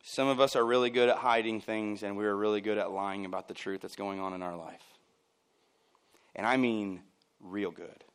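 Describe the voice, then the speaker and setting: A man's voice: on the low side, fairly even intonation, moderate pace, smooth. A man pastor preaching a sermon in a church, chatty and joking, acting out the voices of people he quotes.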